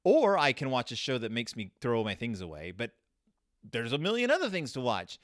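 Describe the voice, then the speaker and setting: A man's voice: fairly quick, no echo, studio quality. A man casually hosting a podcast, reviewing a children's book in a rambling, sarcastic monologue. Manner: rambling, sarcastic, animated swings in pitch and loudness.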